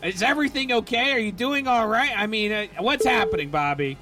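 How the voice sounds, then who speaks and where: A man's voice: high-pitched, lively intonation, a little fast, loud music behind the voice. A man hosting a morning radio call-in show, upbeat and laughing along with callers. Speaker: radio DJ host. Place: radio studio.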